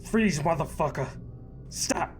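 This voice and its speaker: A man voicing a frightened, furious soldier who shouts and curses. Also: a little high, expressive, takes it slowly, voice pushed up. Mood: shouting. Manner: shouting, cursing. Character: panicked, furious male soldier with a gun. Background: background music.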